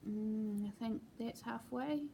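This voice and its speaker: A chatty woman talks casually at home, relaxed and full of little asides. Her voice sits a touch high and has a gravelly, creaky edge. A faint hiss runs under the recording. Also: slow. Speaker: cross-stitch vlogger. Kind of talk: casual show-and-tell chat.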